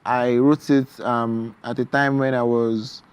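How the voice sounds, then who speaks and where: A young man with a Nigerian English accent, a guest author talking about his poetry on a morning TV show in a measured, reflective way. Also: medium pitch, little pitch movement, smooth, no echo. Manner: measured, reflective, with frequent ums. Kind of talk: TV interview, reading his poetry.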